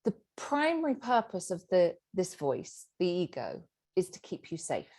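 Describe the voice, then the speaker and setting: A woman's voice: fairly low pitch, a little slow, slightly rough. A middle-aged woman, a sobriety coach teaching a group session and acting out the inner voice. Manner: animated, acts out inner voices.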